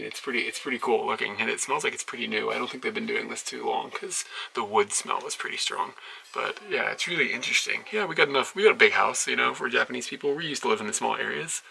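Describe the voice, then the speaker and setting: A young man rambles to the camera from a small guest house bedroom, sounding bemused and laughing easily. His voice is very bright and cutting, with a gravelly edge and a middling pitch. He swears now and then in a loose, chatty vlog style. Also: slight background noise, poor audio. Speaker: travel vlogger. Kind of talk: casual vlog talk to camera.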